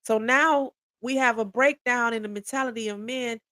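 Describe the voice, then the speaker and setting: A woman's voice: fairly high pitch, normal speed, bright, forceful tone, dry recording, clean studio sound. A woman in her forties giving a candid podcast monologue, blunt and profane, often restarting and repeating words as she presses her point. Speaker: podcast speaker.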